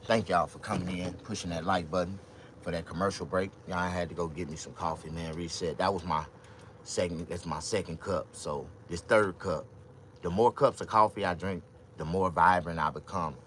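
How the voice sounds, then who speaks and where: A man's voice: deep voice, moderate pace, a little hiss or hum. A man vlogging to his viewers in a loose, crude comedic rant, drawling, repeating himself and thinking aloud. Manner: loud, crude, animated rambling with sudden shouts.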